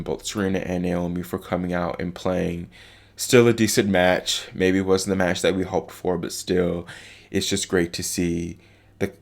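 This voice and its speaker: Deep, gravelly male vlogger. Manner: rambling, hesitant, with many restarts and fillers; heartfelt, openly affected by the topic. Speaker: tennis vlogger. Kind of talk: casual spoken commentary to camera.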